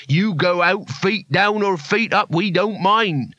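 A bullying thug leader snarls his threats in a raised, pushed-up voice, as a man puts him on in a storybook reading. The tone is dry and close, with a bright edge and lively swings in pitch. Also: slow, dry recording, muffled recording, heavily acted. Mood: threatening. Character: gruff menacing male thug leader, bullying.

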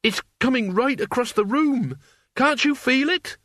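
A man's voice: lively intonation, a little slow, fairly bright tone, no room sound, clean studio sound, full character voice. A man voicing a frightened young man whose voice trembles with urgency. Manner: trembling, urgent, rising to shrill.

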